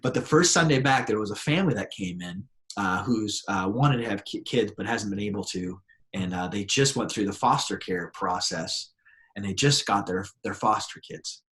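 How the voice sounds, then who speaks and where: A man, a pastor, telling personal stories in a relaxed conversational way and acting out the people in them. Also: lowish voice, moderate pace. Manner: animated storyteller, acts out voices in his anecdotes. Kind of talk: conversational storytelling.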